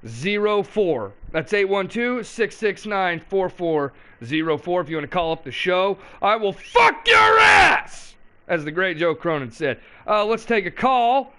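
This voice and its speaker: A high-voiced man hosting a live call-in show. He talks in a brash, rambling way and swears constantly, jumping from one complaint to the next. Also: animated, unhurried, hardly any pauses, a bit bright. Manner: brash, profane, scattered and rambling.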